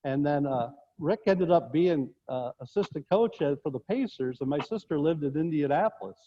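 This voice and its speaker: A man's voice: fairly high pitch, animated, normal speed, a little hiss or hum. A man, a former basketball coach from northern New York, telling rambling anecdotes on a sports talk show. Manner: rambling anecdotes with restarts, chuckling. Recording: dull lo-fi audio in a reverberant space.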